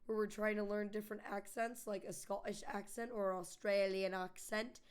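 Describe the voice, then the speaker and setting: A woman's voice: mid-range voice, flat delivery, clear, resonant tone. A young woman streaming a game, chatting casually with her chat and swearing freely. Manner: swears freely, quick reactive banter with chat. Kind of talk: casual live-stream chat while gaming.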